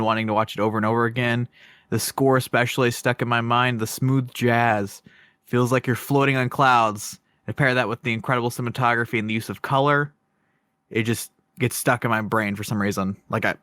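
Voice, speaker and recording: A man's voice: medium pitch, fairly bright tone, no echo, clean studio sound. Rambling man reviewing a film. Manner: rambling, self-conscious, many fillers and restarts. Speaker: podcast co-host. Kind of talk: casual podcast film review.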